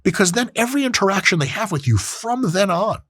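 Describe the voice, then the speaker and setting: Blunt, fast-talking profane man. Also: sits high, big pitch swings, fairly bright tone, husky, no echo, clean studio sound. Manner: blunt, profane and emphatic, acts out quoted exchanges. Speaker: podcast host. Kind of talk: casual monologue.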